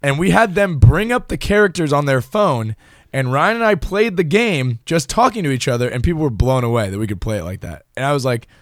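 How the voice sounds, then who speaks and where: A man's voice: on the high side, a little fast, dry recording, studio quality. A young man co-hosting a casual faith podcast, telling stories with lots of restarts. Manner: chatty, animated storyteller with frequent restarts. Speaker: podcast co-host. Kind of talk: casual chat.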